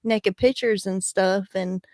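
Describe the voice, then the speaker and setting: A woman from Boston with a Boston accent, a guest on a live chat show, telling stories in a relaxed way. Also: mid-range voice, takes it slowly, dry recording, studio quality. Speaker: podcast guest. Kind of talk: casual live-stream chat.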